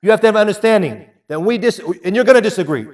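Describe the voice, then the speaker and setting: Male preacher, sermon, emphatic, repeats himself, higher pitch, distant mic. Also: lively intonation, fast. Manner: emphatic, repeats phrases, drops to quiet asides. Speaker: Islamic preacher.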